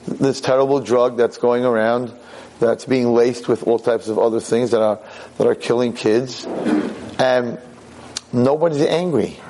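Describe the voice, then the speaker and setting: A man, a rabbi, gives an impassioned Torah lecture, dropping low and grave before rising into sharp outbursts.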